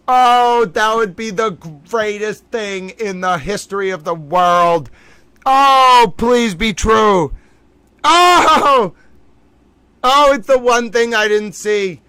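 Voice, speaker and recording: A man with a high, bright voice hosts a live reaction stream, exclaiming and thinking out loud. He talks at an unhurried pace, and the sound is close and dry. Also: smooth, no room sound. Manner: exclaiming, thinking aloud, laughing. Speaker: livestream host. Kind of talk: excited live reaction commentary.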